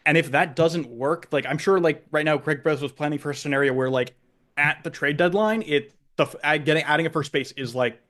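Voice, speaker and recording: A man's voice: fairly high pitch, fairly quick, fairly bright tone. A man co-hosting a sports podcast, talking in a loose, rambling way. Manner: rambling, full of likes and restarts. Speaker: podcast co-host. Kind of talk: casual sports chat.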